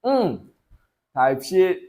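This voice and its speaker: Male vlogger, young, excitable, fairly high pitch, casual recap. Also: very slow, low-quality recording. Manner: excited, laughs often, slangy.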